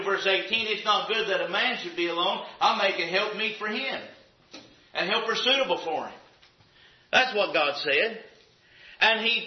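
A man preaching a sermon in a church, emphatic and repetitive, firing off rhetorical questions. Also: high voice. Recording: echoey, dull lo-fi sound.

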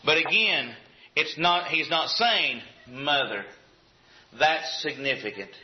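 A man's voice: a little high, lively intonation, measured pace. A man preaching a sermon in a folksy, conversational way with acted asides. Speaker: pastor. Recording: dull lo-fi recording.

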